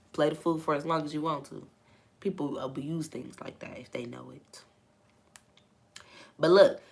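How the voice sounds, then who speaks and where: Woman, gravelly low voice, laid-back livestream Bible chat with viewers. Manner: laughing, chatty, reads viewer comments aloud. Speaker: livestream host reading the Bible. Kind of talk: casual live chat with viewers.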